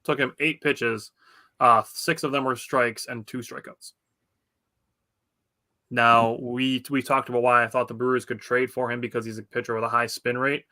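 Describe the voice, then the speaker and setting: A man co-hosting a sports podcast, telling game stories in an excited, chatty way. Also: medium pitch, moderate pace. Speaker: podcast co-host. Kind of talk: casual sports chat.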